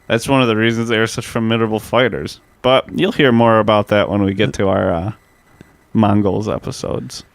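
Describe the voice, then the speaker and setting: A man co-hosting a history podcast, talking in a loose, profane, rambling way. His voice is smooth and resonant, and the recording is dry and close to the mic. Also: fairly low pitch, steady tone, normal speed, no room sound. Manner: loose, profane, storytelling with many "like" fillers. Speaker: podcast co-host. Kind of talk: casual podcast chat.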